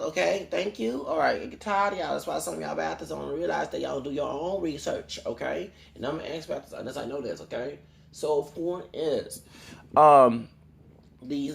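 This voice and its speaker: Man, heavy vocal fry, rambling preachy vlog rant, roomy echo. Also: a little high, a little hiss or hum. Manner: rambling and preachy, quoting Bible verses and asking "okay?". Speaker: YouTuber. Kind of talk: ranting vlog monologue. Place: home in Houston. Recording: echoey room.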